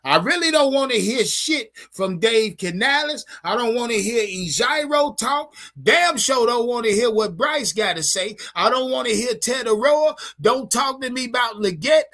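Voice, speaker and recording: Talking straight to his livestream chat, this sports fan streamer tears into his football team in a profane, heated rant. His pitch swings widely and his tone stays bright and forceful, while he curses liberally and keeps repeating himself.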